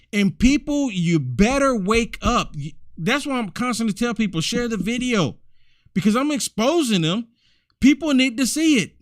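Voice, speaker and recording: A man hosts a commentary video, his voice sitting high and sounding dry and close. He talks in a preachy, exclamatory way and keeps repeating his words for emphasis. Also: no echo. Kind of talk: indignant commentary over clips.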